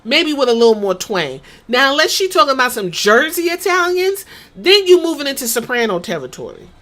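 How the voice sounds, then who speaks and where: A woman with a New York accent rants bluntly on her podcast, swearing freely as she picks her points apart. Her voice sits a little high and sounds bright and forceful. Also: sing-song, a little fast. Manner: blunt, profane, ranting. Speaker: podcast host. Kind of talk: casual commentary.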